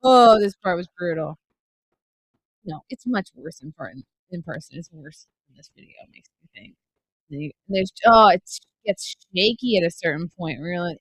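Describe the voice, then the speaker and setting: A woman hosting a live podcast, reacting to a roller coaster video with dramatic, animated commentary and silly voices for her own thoughts. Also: lowish voice, normal speed. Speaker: podcast host.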